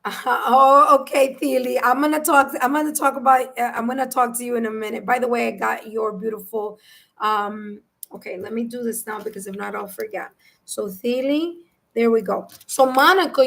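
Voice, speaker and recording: A woman with a New York accent giving a live tarot reading, animated and repeating phrases as she reads cards and chat messages aloud. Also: on the high side, vocal fry, poor audio. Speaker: tarot reader.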